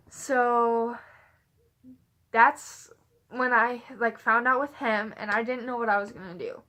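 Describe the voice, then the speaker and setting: Young woman, vlogger, rambling casual storytelling, bright voice, a little high. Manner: rambling, frequent "like" fillers. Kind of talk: casual personal storytelling to camera.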